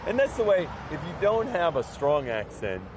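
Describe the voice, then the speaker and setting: A man's voice: fairly high pitch, big pitch swings, moderate pace, noisy background. A man from New Orleans, a podcast guest in casual chat, explaining his ideas at length.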